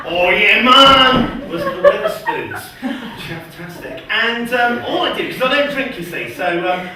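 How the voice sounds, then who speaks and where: A man doing a first stand-up set in a small comedy club, nervous and hesitant with many pauses and ums. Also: high voice, noisy background. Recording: echoey room from far off.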